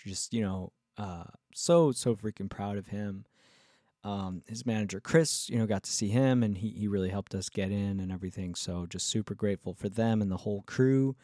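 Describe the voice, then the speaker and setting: A male musician vlogger telling a casual story in a rambling, excitable way, full of fillers and restarts. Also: fairly low pitch, moderate pace, dry recording, clean studio sound.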